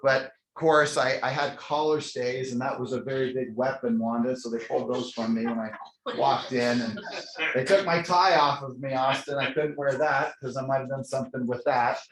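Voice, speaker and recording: A man's voice: medium pitch, steady tone, normal speed, fairly bright tone. A man who is a company CEO, telling a funny, self-mocking story from a stage to a live audience, chatty and full of restarts. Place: stage in a large room. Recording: echoey room sound.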